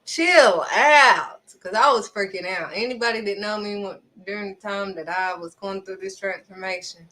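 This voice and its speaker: A woman's voice: mid-range voice, fairly even intonation, fairly quick, few pauses, pushed and bright. A woman speaking earnestly and conversationally, giving spiritual encouragement with dramatic little asides. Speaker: faith vlogger.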